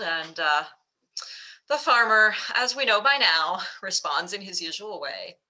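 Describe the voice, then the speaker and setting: A woman's voice: mid-range voice, animated, a little slow, pushed and bright, rough recording. A woman coach presenting a webinar, telling a story in a chatty way with fillers. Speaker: mental fitness coach.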